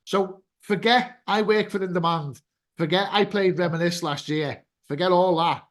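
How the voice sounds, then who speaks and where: A man's voice: high-pitched, moderate pace. Sweary chatty man host. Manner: swearing, chatty storyteller, acts out quotes. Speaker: podcast host and DJ. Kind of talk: casual podcast interview.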